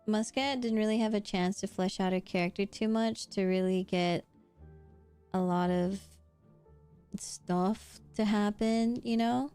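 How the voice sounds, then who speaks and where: A woman's voice: medium pitch, fairly even intonation, a little slow, dark tone, smooth, faint music behind. A young woman streaming while she draws, in a rambling casual chat full of "like" and laughs, swearing now and then. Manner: chatty, rambling with frequent "like" and laughs.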